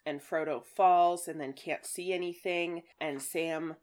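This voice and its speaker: A woman's voice: sits low, steady tone, a little slow, a little mellow. A woman co-hosting a casual book podcast, chatting loosely and laughing often. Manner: chatty, laughs often, reads quotes aloud. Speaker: podcast co-host.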